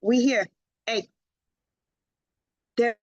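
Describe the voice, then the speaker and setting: Woman tarot reader, slow and chatty, slangy asides, dry close sound. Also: on the high side, fairly even intonation, a little mellow, dry recording, dull audio. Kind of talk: casual tarot reading.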